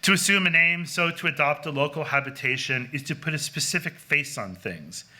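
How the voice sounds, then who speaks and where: A man's voice: a little high, a little fast, sharp tone. A man presenting a scholarly conference paper, reading dense prose aloud with frequent fillers and self-corrections. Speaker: conference speaker. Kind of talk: academic lecture reading from a paper. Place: lecture hall.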